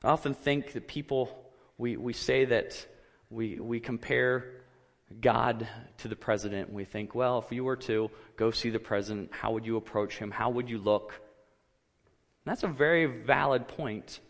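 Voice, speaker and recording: A man preaching a sermon, earnest and measured, his voice rising when he quotes cries of anguish. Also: medium pitch, vocal fry, big-room sound. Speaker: pastor.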